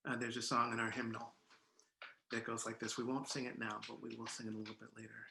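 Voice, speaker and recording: A male minister opening a sermon with guided imagery, speaking in an unhurried way with frequent "uh" and "um" fillers. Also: medium pitch, completely flat delivery, gravelly, sharp tone, reverberant, slight background noise, rough recording.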